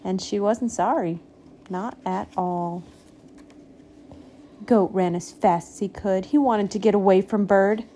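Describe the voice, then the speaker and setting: A woman reading a picture book aloud, slow and expressive, giving the animals little voices. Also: mid-range voice, a little hiss or hum. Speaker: storybook reader.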